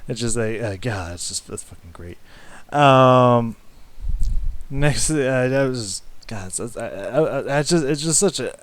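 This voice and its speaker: A man's voice: mid-range voice, animated. Rambling man reacting to music. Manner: rambling, halting, with many fillers and restarts; hums along with the riffs. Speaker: music reaction channel host. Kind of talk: casual music reaction commentary.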